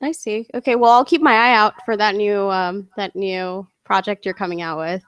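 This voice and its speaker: A woman's voice: mid-range voice, fairly even intonation, normal speed, fairly bright tone, clean tone, dry recording. A woman interviewing a guest in a casual online chat, asking curious, encouraging questions with some fillers.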